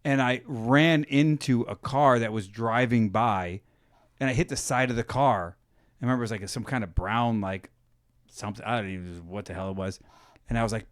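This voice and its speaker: A man's voice: mid-range voice, brisk, dry recording, clean studio sound. A young adult man co-hosting a podcast, telling loose, rambling stories full of "like" and "dude". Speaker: podcast co-host. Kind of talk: casual chat.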